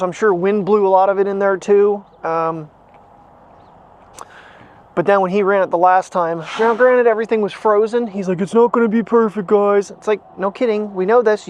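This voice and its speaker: A man's voice: high voice, normal speed. A man vlogging in a rambling, chatty way, talking to the camera and to his dog. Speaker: daily vlogger. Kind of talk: casual chat. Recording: dull lo-fi sound, faint noise.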